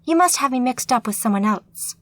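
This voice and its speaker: A woman narrator voicing a quick-witted 21-year-old female mage in an audiobook, wry and quipping. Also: on the high side, expressive, lightly acted. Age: 20s. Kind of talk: audiobook character voice.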